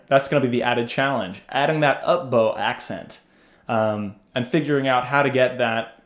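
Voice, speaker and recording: A man giving a casual music lesson, talking in a loose, relaxed way with plenty of ums and uhs. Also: medium pitch. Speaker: bass teacher. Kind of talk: casual instructional talk. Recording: roomy echo with faint music.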